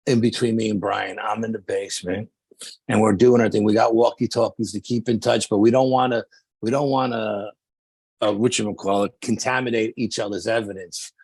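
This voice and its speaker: Gravelly-voiced man spinning a story. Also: fairly low pitch, no echo. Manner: lively anecdotal storyteller with slangy fillers. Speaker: podcast guest, paranormal investigator. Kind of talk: casual storytelling chat.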